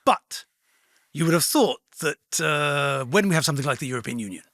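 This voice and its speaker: Male co-host, animated storyteller who does voices, crisp bright timbre, gravelly edge. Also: fairly high pitch, brisk, no room sound, clean studio sound. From Britain. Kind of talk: casual chat.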